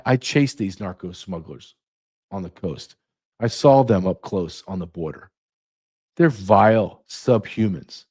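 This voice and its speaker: A man's voice: medium pitch, a little mellow. A middle-aged American man hosting his own show, ranting with sarcasm and piling up rhetorical questions. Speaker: podcast host. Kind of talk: ranting monologue.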